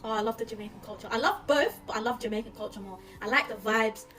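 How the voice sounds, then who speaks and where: Fast-talking woman in a street interview. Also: on the high side, sharp tone, far from the mic.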